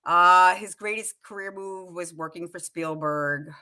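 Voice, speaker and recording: A woman hosting a casual live chat show, excitable, laughing often and quoting movie lines. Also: on the low side, measured pace, clear, resonant tone. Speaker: show host.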